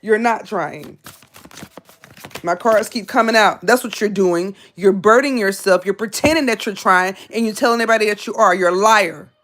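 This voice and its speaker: A woman's voice: medium pitch, moderate pace, fairly bright tone. A woman, giving a live tarot reading in a blunt, scolding, profane way and repeating her points. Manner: repetitive, confrontational. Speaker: tarot reader.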